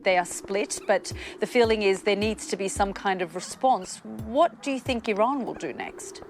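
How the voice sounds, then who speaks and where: A woman interviewing a guest on a news broadcast, speaking in a halting way with restarts. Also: medium pitch, faint music behind.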